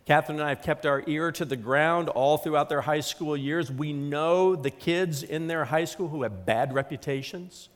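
A man's voice: on the high side, moderate pace, hardly any pauses, big-room sound. Emphatic middle-aged male pastor preaching. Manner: emphatic, acts out quotes. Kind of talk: sermon.

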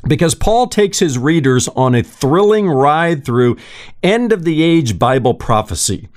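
A man preaching a sermon, asking listeners direct questions and slowing down on key phrases. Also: on the high side, very animated, a little mellow. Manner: emphatic, slows down for key phrases.

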